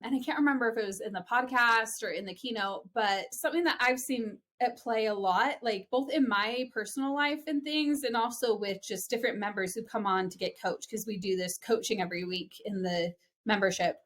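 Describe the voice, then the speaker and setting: A woman's voice: a little high, fairly quick, fairly bright tone. A woman hosting a podcast, enthusiastic and affirming, asking long, rambling questions. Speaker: podcast host. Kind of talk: interview conversation.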